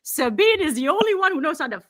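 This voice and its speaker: A woman's voice: high-pitched, big pitch swings, quick pace, over a noisy crowd. Blunt ranting woman podcast co-host. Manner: blunt, laughing, swearing rants. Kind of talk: casual chat.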